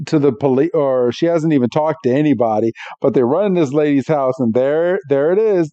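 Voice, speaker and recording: A man co-hosting a podcast, casually recapping a cartoon episode and acting out the characters' lines with lively voices. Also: a little high, dry recording, lo-fi sound. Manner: animated storyteller, acts out character lines.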